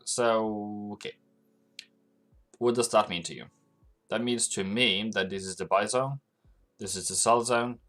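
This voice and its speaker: Working through charts on his live forex stream, a man from Norway rambles loosely to his chat with market commentary. His voice sits on the low side with a fairly bright tone.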